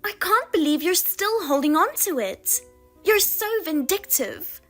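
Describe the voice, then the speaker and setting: A woman's voice: extremely high pitch, animated, unhurried, a bit bright, faint music behind, heavily acted. A woman voicing a scheming younger sister who mocks and taunts in a sing-song way. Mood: mocking.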